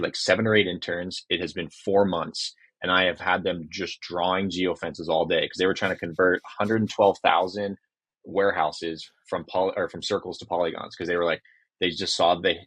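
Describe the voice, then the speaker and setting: Brief: podcast guest, man, very deep voice, dry close sound, lively storyteller with filler words. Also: dry recording. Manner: lively storyteller, acts out quotes from customers; frequent fillers and restarts. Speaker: startup co-founder, podcast guest. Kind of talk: casual interview talk.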